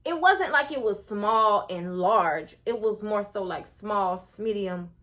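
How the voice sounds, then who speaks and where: A woman's voice: medium pitch, animated, takes it slowly, fairly bright tone. A young woman telling a casual storytime to her viewers, chatty and full of slang, talking straight to the audience.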